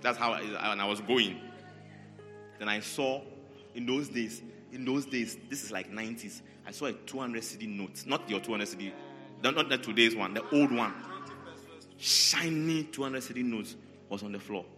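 Male preacher, animated, bright and slightly high voice, reverberant hall. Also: normal speed. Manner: animated, repetitive, calls out congregants by name. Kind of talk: sermon. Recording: large hall reverb, faint music.

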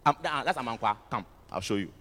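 A man preaching a sermon to students, animated, repeating words and asking the audience questions. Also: medium pitch, fast. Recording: music underneath, long hall reverb.

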